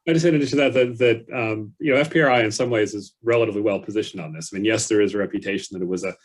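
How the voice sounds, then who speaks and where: A man speaking as a panelist, explaining his points in a thoughtful, measured way with fillers. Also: on the low side. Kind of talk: unscripted panel discussion.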